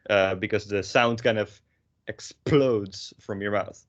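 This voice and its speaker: A man's voice: on the low side, steady tone, measured pace, fairly bright tone, dry recording, highs cut off. A young man with a Dutch accent, teaching a language lesson in a rambling way with many fillers and self-corrections. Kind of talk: online lesson. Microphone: own microphone with a pop filter.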